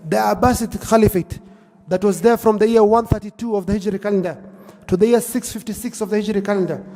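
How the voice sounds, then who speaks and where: A man's voice: sits high, steady tone, fast talker, mellow, in a large hall. A man preaching a sermon, telling stories earnestly and mixing in Arabic phrases. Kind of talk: sermon storytelling.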